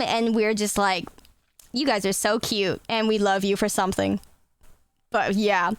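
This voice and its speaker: A woman's voice: high voice, a bit bright, no room sound. A young woman streamer chatting casually with her viewers, laughing often and swearing freely. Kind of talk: casual chat.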